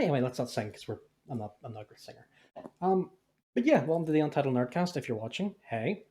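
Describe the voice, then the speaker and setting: A man's voice: medium pitch, big pitch swings, quick pace, warm tone. A man hosting a podcast in a loose, rambling way. He jokes constantly and swears without a second thought. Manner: rambling, jokey, swears freely. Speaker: podcast host. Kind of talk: casual podcast chat.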